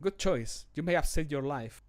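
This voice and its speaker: A man voicing a stern male fantasy town guard for game voice lines, giving measured, mildly scolding warnings. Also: a little high, animated, close to an everyday voice. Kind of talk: game voice-line recording.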